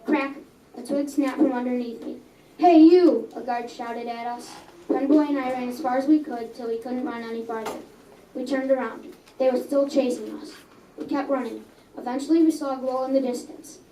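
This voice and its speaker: A woman's voice: high-pitched, steady tone, moderate pace, mellow, a little hiss or hum. A young reader reading her own story aloud in a coffee house, earnest, with small stumbles and self-corrections. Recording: echoey room, mic at a distance.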